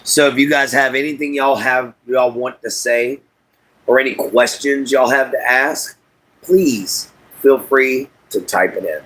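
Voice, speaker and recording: A man with a drawl hosts a laid-back livestream, chatting with viewers in a folksy, unhurried way. His voice sits in a middle pitch, and he talks from inside an RV. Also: fairly bright tone, low-quality recording. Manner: folksy, drawling, reads chat aloud. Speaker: livestream host. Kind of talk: casual livestream chat.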